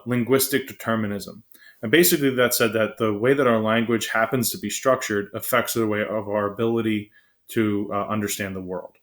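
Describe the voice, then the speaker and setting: Fast-talking lower-voiced man lecturing. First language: English. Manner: quick, conversational, frequent "right?" and "um". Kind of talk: classroom lecture.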